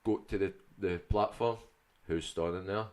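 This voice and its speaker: A man's voice: low-pitched, fairly even intonation, normal speed, darkish tone. A man with a Glasgow accent, co-hosting a podcast and telling a sweary story in casual banter. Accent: Glaswegian. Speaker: podcast co-host. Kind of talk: casual chat.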